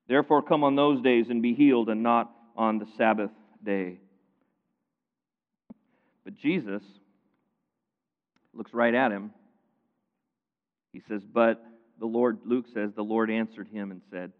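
A man preaching a sermon, retelling a scripture story with lively emphasis that swings between loud, pointed lines and quiet asides. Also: fairly low pitch, measured pace, pauses often. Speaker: pastor. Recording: phone-like sound with long hall reverb.

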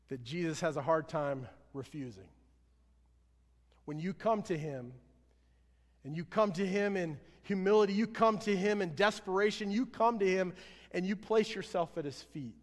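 A man's voice: unhurried, pauses often. Earnest preaching man in a reverberant hall. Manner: earnest preaching, swelling louder then dropping low. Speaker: pastor. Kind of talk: sermon.

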